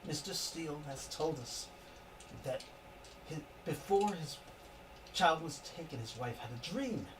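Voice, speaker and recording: A man voicing a grave devout village father and husband, recorded from a distant mic with background noise. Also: a little high.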